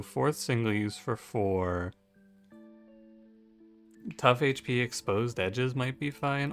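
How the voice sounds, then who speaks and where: A man's voice: lowish voice, a bit bright. A man giving casual gameplay commentary, sleepy from just waking up, rambling and thinking aloud as he plays. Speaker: gaming YouTuber. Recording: faint background music.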